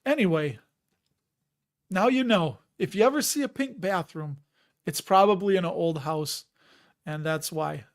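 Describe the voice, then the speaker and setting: High-voiced chatty man in his fifties. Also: a little slow, pauses often. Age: 50s. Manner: chatty, jokey, laughs often, rambling asides. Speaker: host of a dividend investing livestream. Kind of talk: casual livestream chat reading viewer comments.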